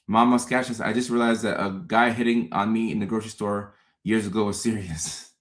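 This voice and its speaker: Guy on a livestream talking to chat, animated, stumbles and repeats words a lot. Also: on the low side, fairly quick. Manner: animated, repeats words, acts out his own confused thoughts. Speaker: host. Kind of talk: casual livestream talk to viewers.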